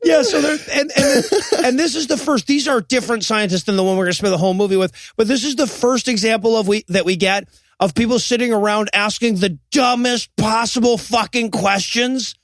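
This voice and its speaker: A man's voice: extremely high pitch, fairly quick, no room sound. A man co-hosting a comedy podcast, ranting sarcastically about a bad movie with casual profanity. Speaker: podcast co-host. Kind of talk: comedic movie-review banter.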